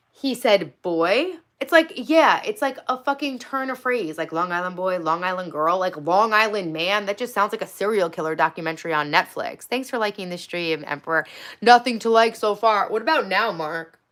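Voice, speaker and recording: A woman's voice: mid-range voice, lively intonation, normal speed, fairly bright tone. A young woman hosting a casual livestream, reading out chat and dating-app messages with a sarcastic, swearing manner. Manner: sarcastic, profane, reads chat and messages aloud. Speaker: livestream host.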